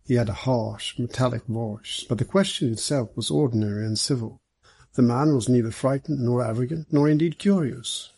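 Male audiobook narrator, measured and steady, husky with a dark tone. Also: medium pitch. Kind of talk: scripted narration of a detective novel.

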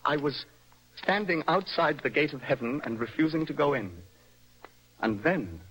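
An actor playing a nervous, dreamy young poet in a radio stage play, speaking in a poetic, impassioned way. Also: male voice, on the high side, expressive, moderate pace, fairly bright tone, slightly rough, rough recording. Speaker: young poet in love with a married woman.

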